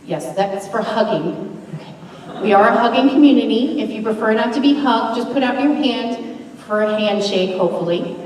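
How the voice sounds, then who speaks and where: A woman's voice: on the high side, animated, normal speed, darkish tone, slight background noise. A woman serving as platform assistant at a church service, making chatty, upbeat welcome announcements and laughing often. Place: large church hall. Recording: echoey hall from far off with congregation.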